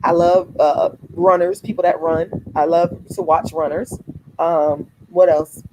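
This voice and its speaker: A woman's voice: on the low side, steady tone, measured pace, noisy background. A woman hosting a casual livestream, talking fiercely and emphatically to her viewers, repeating phrases and swearing freely. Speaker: activist livestream host.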